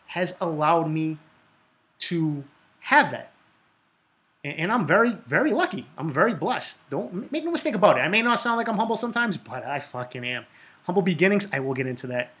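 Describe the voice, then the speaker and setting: A man's voice: on the high side, sing-song, a little fast, a bit bright. A man in his thirties with a Boston accent, hosting a podcast in a blunt, emphatic monologue full of swearing. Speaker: podcast host.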